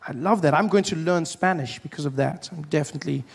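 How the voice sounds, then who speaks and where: A man, doing animated stand-up storytelling and jumping in and out of the voices of other people. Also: on the high side, fast, creaky, slightly rough. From South Africa. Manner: animated, acts out voices, drops to a hush for effect. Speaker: stand-up comedian.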